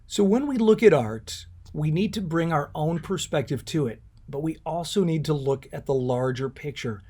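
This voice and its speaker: Earnest male art lecturer, slightly high. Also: animated, normal speed, darkish tone, husky. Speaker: art instructor. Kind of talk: recorded online lecture.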